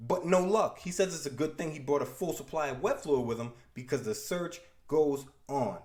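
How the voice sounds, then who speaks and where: A man's voice: fairly high pitch, a little mellow. A man casually recapping a comic book issue with playful, wisecracking asides. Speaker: podcast host.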